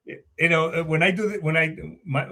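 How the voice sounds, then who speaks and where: A man's voice: fairly high pitch, fairly even intonation, moderate pace, bright, forceful tone. A man hosting a veterans podcast, talking in a profane, rambling, jokey way with a Southern accent. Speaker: podcast host. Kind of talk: casual podcast chat.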